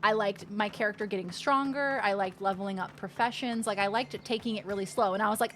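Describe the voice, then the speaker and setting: A woman's voice: medium pitch, quick pace, hardly any pauses. Chatty woman streamer over faint music. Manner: chatty, animated, swears freely. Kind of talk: casual gaming commentary.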